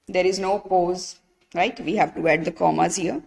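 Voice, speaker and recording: A woman's voice: lowish voice, fairly even intonation, normal speed, gravelly, darkish tone, in a large hall. A woman with an Indian English accent teaching an online English grammar lesson, explaining step by step and checking with her students.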